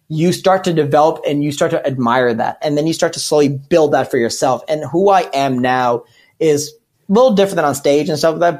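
A man's voice: a little high, darkish tone. A man, a stand-up comedian and podcast guest, talking candidly in a rambling, earnest way with many restarts. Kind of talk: candid casual chat.

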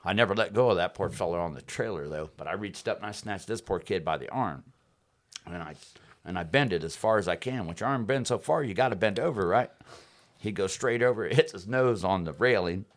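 A man's voice: fairly low pitch, fairly quick. A man telling rowdy fight stories in casual podcast chat, swearing freely and laughing as he talks. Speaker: podcast host.

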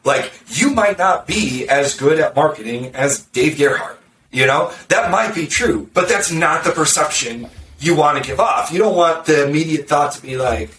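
A blunt, sarcastic man talks marketing in a loose podcast chat, tripping over quick restarts. He sounds set back from the mic in a roomy space. A faint background noise sits under his voice. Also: fairly high pitch, animated, a bit bright, distant mic. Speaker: marketer discussing content strategy. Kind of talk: casual podcast conversation.

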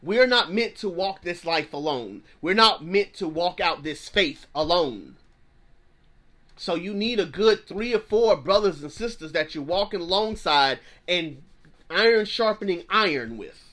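Male pastor, thirties, fervent preacher, bright tenor voice, repeats himself for emphasis. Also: high voice, expressive, unhurried. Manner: fervent, repeats phrases, plain-spoken slang. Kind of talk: preaching sermon.

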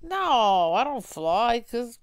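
A woman's voice: on the high side, sing-song, slow, clear, resonant tone, no echo. An older woman, a grandmother, answering bluntly with short, dry replies in casual chat.

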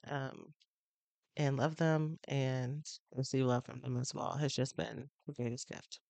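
Woman podcast host, coaching background, heartfelt and pausing, dry close mic. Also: deep voice, creaky, no room sound. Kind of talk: casual personal podcast talk. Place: on location on a trip.

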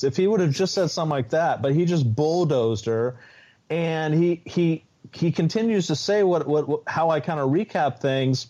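Casting: male podcast co-host, slightly high voice, rambling recaps, dull lo-fi recording. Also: normal speed, warm tone. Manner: rambling recaps with many restarts and fillers. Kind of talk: casual chat. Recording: dull lo-fi sound.

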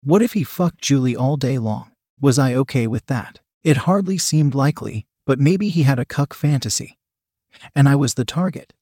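A man reading a story aloud in a steady, even narration. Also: mid-range voice, moderate pace, slightly rough, no echo, clean studio sound. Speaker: story reader.

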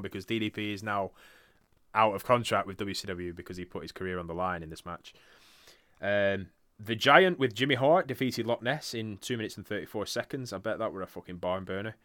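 Clean studio sound with a dry recording captures a man whose fairly low voice is a bit bright and a little fast. Hosting a podcast, he chats casually about wrestling results, swears freely, and laughs a lot.

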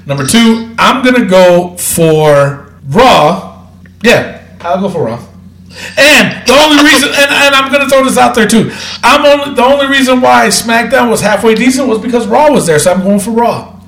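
A man hosts a loose wrestling podcast with plenty of laughter and swearing. His voice sits high and swings widely in pitch. The room around him rings with noticeable echo. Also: animated, moderate pace, gravelly, fairly bright tone. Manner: laughs often, loose and profane. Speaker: podcast host. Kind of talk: casual wrestling podcast chat. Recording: roomy echo.

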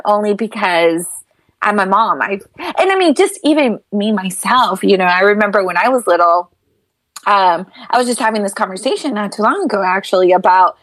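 A woman's voice: mid-range voice, no echo. A middle-aged woman co-hosting a casual podcast, thoughtful and rambling, with fillers and restarts. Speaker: podcast co-host.

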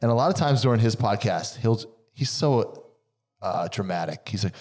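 A man's voice: mid-range voice, fairly quick, a little mellow. A young adult man hosting a podcast, talking enthusiastically and rambling a little as he chats with his guest. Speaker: podcast host. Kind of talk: casual podcast interview.

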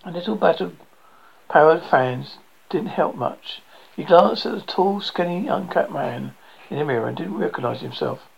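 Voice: medium pitch, lively intonation, moderate pace, creaky, slightly rough, dull audio. A reader narrating a story in plain audiobook style, now and then restarting a word.

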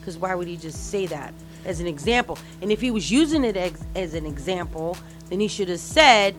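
A woman's voice: mid-range voice, animated, a little fast, over music. A woman co-hosting a casual hip-hop chat show, talking in a laid-back, teasing way. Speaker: co-host.

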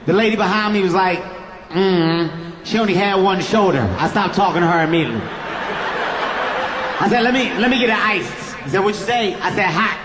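A man doing stand-up comedy, telling an animated story and acting out both sides with shouted punchlines. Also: sits high, normal speed, reverberant, noisy background.

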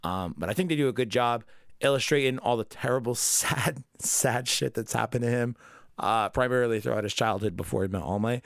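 A man's voice: medium pitch, a little fast, creaky, dry recording, studio quality. A man hosting a podcast in loose, profane casual chat, full of fillers. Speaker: podcast host.

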